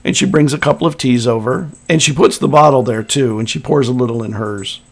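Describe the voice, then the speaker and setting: A man narrating as game master in a tabletop roleplaying game, unhurried and descriptive. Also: medium pitch, vocal fry, husky. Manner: unhurried, descriptive, chuckles often.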